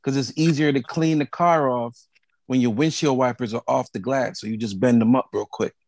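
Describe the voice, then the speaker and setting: A man co-hosting a podcast, chatting casually in a lively, teasing way that often stumbles over repeated words. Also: mid-range voice, normal speed, dry recording. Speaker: podcast co-host. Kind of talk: casual chat.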